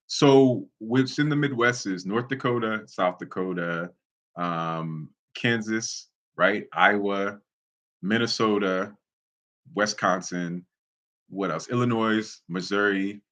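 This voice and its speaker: A man's voice: lowish voice, slow pace, fairly bright tone. A man from Ohio, hosting his channel and explaining things casually, with loose talk, frequent "right?" tags and self-corrections. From Ohio, United States. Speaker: channel host. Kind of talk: casual explainer talking to camera.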